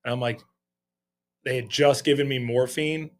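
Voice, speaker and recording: A man's voice: medium pitch, fairly even intonation, normal speed. A middle-aged man, a sheriff's lieutenant, telling his story candidly in a casual interview and quoting his own thoughts as he goes. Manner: candid, retelling in quoted inner thoughts.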